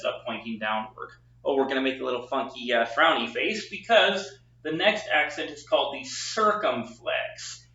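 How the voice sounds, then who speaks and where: A man teaching a recorded lesson at a whiteboard, explaining patiently and repeating words slowly with the stress marked. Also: mid-range voice, pushed and bright. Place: classroom with a whiteboard. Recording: echoey room, dull lo-fi sound.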